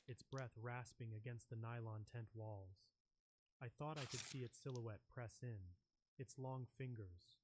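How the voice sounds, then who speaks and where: A man reading a scripted first-person horror story in a measured, ominous way. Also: mid-range voice. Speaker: narrator. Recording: noisy background with clicks.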